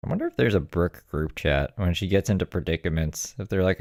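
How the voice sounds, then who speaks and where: A man's voice: sits low, animated, brisk, few pauses, darkish tone, no echo. A man commenting on video clips in a dry, mocking way. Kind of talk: reaction commentary.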